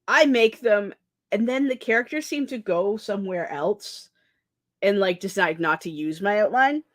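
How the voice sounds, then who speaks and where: A woman's voice: mid-range voice, animated, moderate pace. A young woman talks casually on a writing livestream. She reads chat aloud and often restarts her sentences, and her voice swings up and down a lot. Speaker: streamer hosting a writing session.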